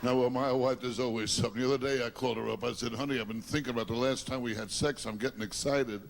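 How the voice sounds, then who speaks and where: A man from Long Island doing a stand-up routine, complaining about himself in quick self-deprecating one-liners. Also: medium pitch, fairly even intonation, vocal fry. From Long Island, New York. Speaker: stand-up comedian. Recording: noisy live recording.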